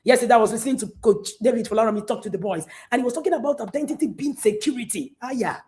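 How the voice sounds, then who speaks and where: A middle-aged woman giving an emphatic, preachy talk to parents, repeating key lines and at times shouting. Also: on the high side, rapid-fire. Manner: sometimes shouts at the audience. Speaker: conference speaker to parents. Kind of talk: motivational talk.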